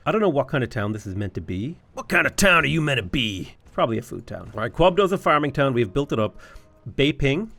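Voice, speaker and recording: An Irish man in his twenties or thirties talks through a strategy game in a casual, excitable let's-play style. His voice sits mid-range. Faint game music hums underneath. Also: medium pitch. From Ireland. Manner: chatty, thinks aloud, enthusiastic. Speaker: gaming YouTuber.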